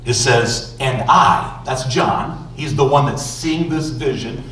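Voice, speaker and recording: A male pastor preaching a sermon slowly and emphatically, with dramatic pauses. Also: mid-range voice, a bit bright, slight background noise. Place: church sanctuary. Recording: roomy church echo from far off.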